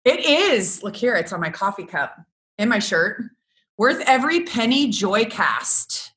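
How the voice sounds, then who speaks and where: A middle-aged woman, a business coach, chatting in an interview and telling lively stories with frequent laughter. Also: a little high, unhurried. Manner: animated storyteller, laughs often. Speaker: guest, business coach for photographers. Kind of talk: casual interview chat.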